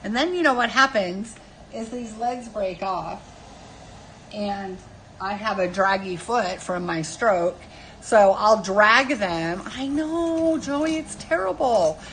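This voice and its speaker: A woman's voice: mid-range voice, slow, fairly bright tone, a little hiss or hum, low-quality recording. A woman in her fifties chatting casually on a live stream while she draws, chatty and self-mocking, laughing often. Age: 50s. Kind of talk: casual chat while drawing.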